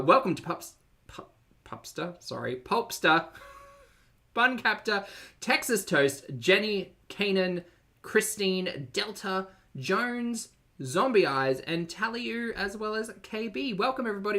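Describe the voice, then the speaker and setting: A man's voice: fairly high pitch, vocal fry, bright, forceful tone. Chatty man hosting a stream. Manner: chatty and playful, greeting viewers one by one. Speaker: live stream host. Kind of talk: casual reaction live stream commentary.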